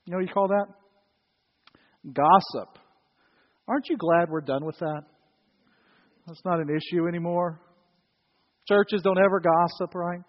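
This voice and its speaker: High-voiced preacher in a reverberant hall. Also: male voice, steady tone, unhurried, pauses often. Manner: conversational storytelling preacher, wry humor. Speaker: pastor. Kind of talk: sermon. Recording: dull, reverberant church recording.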